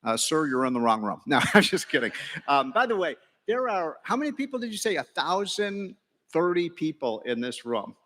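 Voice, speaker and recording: A man's voice: on the high side, very animated, moderate pace, a bit bright. Joking middle-aged man in echoing hall. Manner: folksy, joking, many fillers and restarts. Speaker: keynote speaker, economist. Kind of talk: after-breakfast speech with jokes. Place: large banquet hall. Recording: reverberant hall PA.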